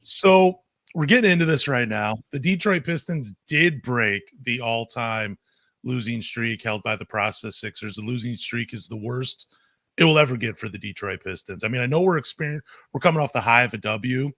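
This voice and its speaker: An excitable man co-hosting a casual sports podcast, his voice rising and falling as he talks. His pitch sits in the middle range. The sound is dry and close, with little room around it. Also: moderate pace, no echo. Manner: excitable, animated, swings loud and soft. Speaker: podcast co-host.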